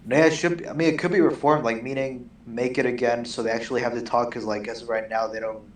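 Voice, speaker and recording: A man's voice: mid-range voice, steady tone, fast talker. A man co-hosting a casual podcast, talking hesitantly with lots of fillers and the odd swear word. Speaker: co-host. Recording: echoey distant mic with faint background noise.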